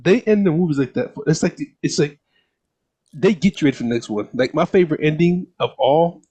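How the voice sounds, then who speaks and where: Male co-host, higher pitch, very lively delivery, dry recording. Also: fairly quick, breathy edge, no echo. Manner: expressive, swears freely, laughs a lot. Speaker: podcast co-host. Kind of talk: casual movie chat.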